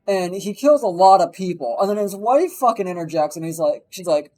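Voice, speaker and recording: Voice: medium pitch, lively intonation, fairly quick, few pauses, a little mellow, poor audio. Profane rambling live streamer. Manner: profane, rambling, acts out quoted people. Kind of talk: casual live-stream storytelling.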